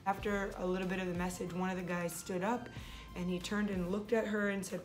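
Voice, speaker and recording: A young woman talks straight to her viewers in an easy, eager vlog style, often circling back to restart a phrase. Her voice sits at an ordinary pitch. Soft music plays faintly behind her. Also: level tone, a little fast. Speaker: vlog host. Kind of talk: casual faith vlog talk.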